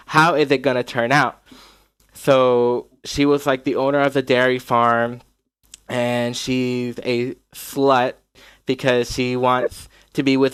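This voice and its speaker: A man's voice: medium pitch, a bit bright, clean tone, dry recording. A man from North Carolina chatting casually, rambling with lots of likes and restarts. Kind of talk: casual podcast chat.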